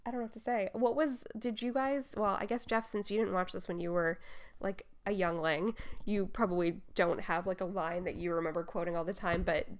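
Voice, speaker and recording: A woman's voice: medium pitch, fairly even intonation, a little fast. A woman hosting a casual film podcast, talking enthusiastically and laughing often. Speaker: podcast host.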